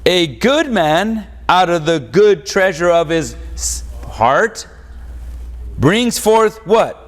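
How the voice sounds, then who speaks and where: Pastor, male, slow deliberate sermon delivery, call-and-response, long hall reverb. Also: a little high, animated. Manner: call-and-response preaching, rhetorical questions. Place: church.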